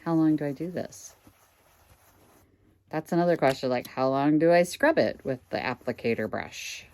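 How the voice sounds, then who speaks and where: A woman's voice: low-pitched, lively intonation, moderate pace, a little mellow. A woman reselling goods online, casually thinking aloud at home with wry asides to her viewers. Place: indoors at home.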